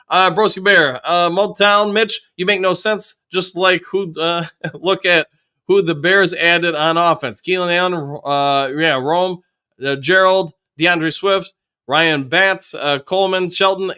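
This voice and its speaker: Chatty livestream host, man, bright forceful voice, a bit high, upbeat greetings. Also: unhurried, clean tone. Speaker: host of a fan livestream reading chat. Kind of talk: casual live chat.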